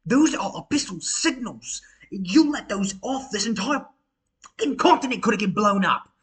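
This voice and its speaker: A man's voice: medium pitch, very animated, moderate pace, sharp tone. A man voicing an angry, alarmed female noble who scolds indignantly.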